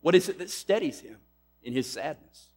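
Emphatic male preacher, loud then hushed. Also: a little high, lively intonation, moderate pace, husky. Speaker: pastor. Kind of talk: sermon.

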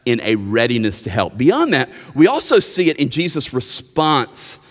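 A man preaching a sermon as a pastor, earnest, rising for emphasis and dropping soft. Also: medium pitch, huge pitch swings, moderate pace, in a large hall.

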